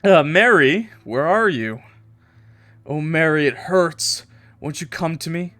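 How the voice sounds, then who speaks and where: A lost zombie husband, voiced by a man, pleads softly in a bright, light tone. He sounds bewildered and sad. A faint game score plays underneath. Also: on the high side, expressive, slow, dry recording, faint music behind, exaggerated voice. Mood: pleading. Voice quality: soft and pleading.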